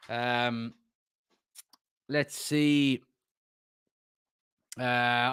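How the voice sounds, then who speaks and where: A man's voice: mid-range voice, extremely slow, pauses often, pushed and bright, clear, resonant tone, no room sound, studio quality. A man, hosting a football fan live stream, reading comments aloud and rambling casually with many fillers. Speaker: host of a football fan channel.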